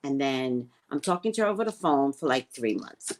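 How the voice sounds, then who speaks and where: A woman who works as a psychic, telling a story in a casual, profane way and swinging between loud and hushed. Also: a bass voice, expressive, moderate pace.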